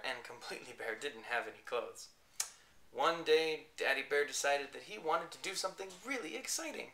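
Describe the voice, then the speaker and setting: Lively, gravelly bedtime storyteller. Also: mid-range voice, roomy sound.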